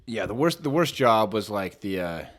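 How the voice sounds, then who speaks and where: A man's voice: fairly low pitch, big pitch swings, moderate pace. A young man, a comedian guest on a podcast, rambling through stories in casual chat and acting out the voices of the people in them. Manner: rambling storyteller, acts out kids' voices.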